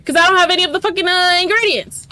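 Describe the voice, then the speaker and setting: Woman let's-play host: high voice, profane, sarcastic ranting commentary. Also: very fast, bright, forceful tone. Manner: talks to the game characters. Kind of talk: gameplay commentary.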